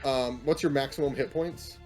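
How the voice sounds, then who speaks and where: A man narrating as game master of a tabletop game, relaxed and often laughing as he rules on rolls. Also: mid-range voice, normal speed, faint music behind.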